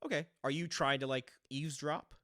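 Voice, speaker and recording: A man narrating a tabletop game as game master, relaxed and full of fillers. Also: on the high side, brisk, dry recording, studio quality.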